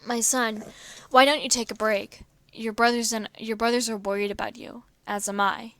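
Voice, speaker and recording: A woman lends her voice to a wise old rat master from a fan storybook, calm and fatherly, speaking gently and with measure. the recording is dry and close, and the voice sits fairly high. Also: normal speed, dry recording.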